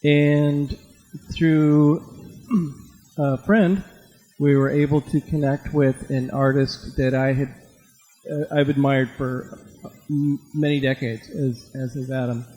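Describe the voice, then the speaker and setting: A man who founded a music label answers on stage in a calm, measured way. His voice is mellow and dark. A long hall reverb surrounds it. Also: a little high. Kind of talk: stage interview.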